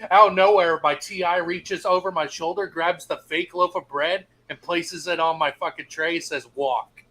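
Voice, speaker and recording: High-voiced man telling profane boot camp stories. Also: steady tone, moderate pace, poor audio. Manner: profane storyteller, shouts out the instructors' lines. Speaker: stream co-host. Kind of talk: casual chat, telling a basic training story.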